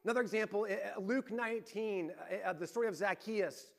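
A male pastor preaching a sermon, telling stories in a lively way that swings between rising emphasis and hushed, quiet points. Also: sits high, a little fast, vocal fry.

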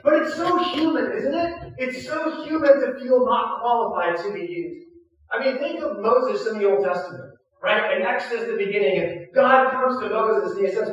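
Pastor, male, high voice, lively storytelling preacher, recorded at a distance in a reverberant hall. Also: normal speed, highs cut off. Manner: animated, acts out biblical figures with shouted punchlines. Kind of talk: sermon.

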